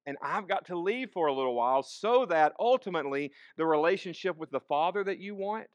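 A man's voice: a little high, animated, brisk, no room sound. A man preaching a sermon, asking the congregation questions and repeating key phrases. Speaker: pastor.

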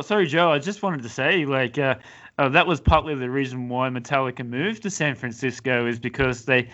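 Male host, mid pitch, bright and forceful, a bit off mic. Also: highs cut off. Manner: brief agreeing interjections. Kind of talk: casual interview.

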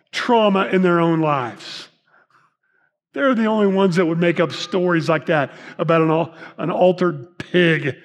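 A pastor preaching a chatty sermon into a microphone, joking with the congregation and asking them many questions. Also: male voice, high-pitched. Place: church sanctuary. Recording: reverberant hall.

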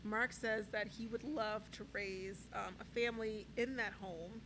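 A woman's voice: mid-range voice, steady tone, unhurried, noisy background. A woman co-hosting a casual chat, recapping a reality show, laughing often and full of "like" and "um". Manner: chatty, laughs often, says "like" and "um". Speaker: podcast co-host.

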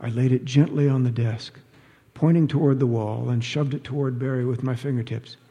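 A man reads a story aloud with dry, wry timing. His voice is husky and mellow. A long reverb trails off behind him as if in a hall. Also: medium pitch, fairly even intonation, brisk. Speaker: narrator. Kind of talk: audiobook narration.

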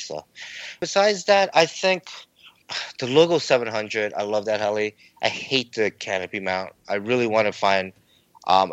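A man's voice: low voice, fairly bright tone, highs cut off. A young man co-hosting a casual hobby podcast, telling stories animatedly and laughing often. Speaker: podcast co-host. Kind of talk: casual chat.

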